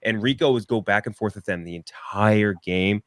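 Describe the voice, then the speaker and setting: A man on a podcast as a guest, telling stories in rapid run-on sentences full of fillers, in casual chat. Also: on the low side, no echo, clean studio sound.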